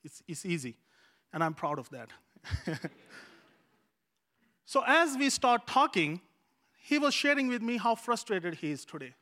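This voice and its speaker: High, bright-voiced pastor. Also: male voice, sing-song, unhurried, pauses often. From Pakistan. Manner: earnest, repeats phrases for emphasis. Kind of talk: sermon told as a personal story.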